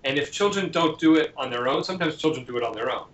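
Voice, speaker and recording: Speaking fast in a fairly high-pitched voice, a man who writes about parenting answers an interviewer and acts out what children and parents say. His delivery is lively, and the recording is dull and lo-fi in a reverberant room.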